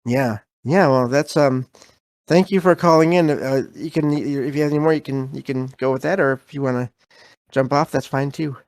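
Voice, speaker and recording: A man's voice: mid-range voice, steady tone, moderate pace, dry recording. A man hosting a paranormal call-in podcast, easygoing and repeating words as he talks. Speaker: podcast host.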